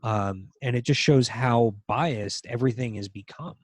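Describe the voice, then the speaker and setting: A man co-hosting a casual political chat, talking in halting stretches full of ums and restarts. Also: mid-range voice, no echo. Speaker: podcast co-host.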